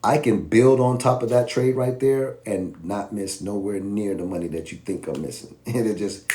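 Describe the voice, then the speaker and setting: A man casually teaching trading, animated and slangy, acting out both sides of an argument with himself. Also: fairly low pitch, moderate pace, a little hiss or hum. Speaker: trading educator.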